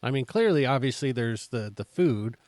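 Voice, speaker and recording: A man's voice: mid-range voice, animated, moderate pace, darkish tone, no echo. A man co-hosting a casual podcast, joking around and moving on to the next question. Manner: joking, moves the show along with questions. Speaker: podcast co-host. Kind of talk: casual chat.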